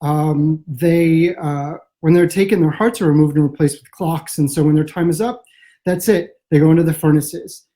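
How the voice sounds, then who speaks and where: A Midwestern man with a dark, mellow voice answers interview questions over a video call. He explains things thoughtfully, rambling a little and leaning on fillers as he goes. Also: fairly high pitch, fairly even intonation, moderate pace, rough recording. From American Midwest. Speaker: comic writer guest. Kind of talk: casual interview chat.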